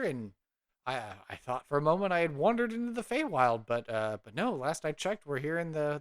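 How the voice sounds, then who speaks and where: A man's voice: a little high, voice pushed up. A flustered, over-polite young explorer woman, as a man puts her on. She stammers and apologizes, her voice lifted well above a man's usual range. Eager and deferential toward elders.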